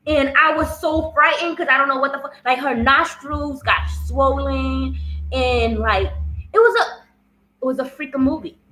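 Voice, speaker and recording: A woman's voice: sits high, normal speed, bright, forceful tone, rough recording. A woman telling a personal story in a casual vlog, swearing freely and often repeating herself. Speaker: vlogger.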